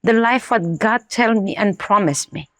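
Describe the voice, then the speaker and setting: A woman's voice: mid-range voice, moderate pace, a bit bright. A woman from Romania, speaking earnestly in broken English as an interview guest sharing her personal testimony.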